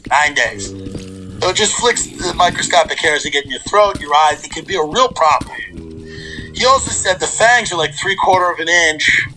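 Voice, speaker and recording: Bright-voiced man telling comic stories. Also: high voice, brisk, faint music behind, poor audio. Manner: animated comic storyteller, acts out quotes. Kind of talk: casual storytelling chat.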